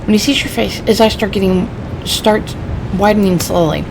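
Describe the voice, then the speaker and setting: Woman gamer, reading story text aloud, casual delivery, steady background noise. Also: medium pitch, moderate pace, creaky. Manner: narrating, casual. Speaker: let's-play gamer.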